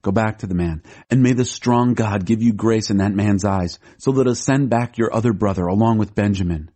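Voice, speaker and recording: A man's voice: lowish voice, fairly quick, mellow, natural voice. A man reading as a grieving old father. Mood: sorrowful. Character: grieving aged father, weary and stubborn.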